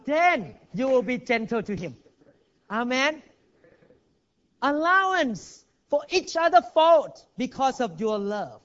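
Big pitch swings mark the very high voice of a male pastor preaching slowly in non-native English. Emphatic, he moves between loud and hushed passages, recorded in a church hall with dull lo-fi sound.

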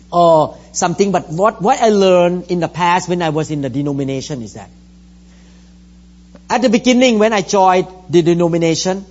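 High-voiced man preaching a sermon. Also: a little mellow. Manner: emphatic, repetitive preaching with scripture reading. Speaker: pastor. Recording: dull lo-fi recording.

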